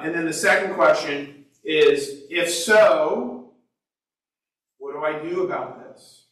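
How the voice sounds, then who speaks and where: A man's voice: sits high, fairly bright tone. Male Bible study teacher, casual and conversational, questions the group; picked up from across an echoey room. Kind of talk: informal Bible class teaching. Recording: echoey room, mic far away.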